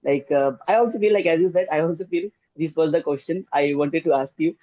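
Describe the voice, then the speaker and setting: A man's voice: a little high, fairly quick, dark tone, dry recording. A man from India with an Indian accent, an English teacher hosting a casual interview, hesitant and deferential, with many fillers. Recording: dull, dry lo-fi mic.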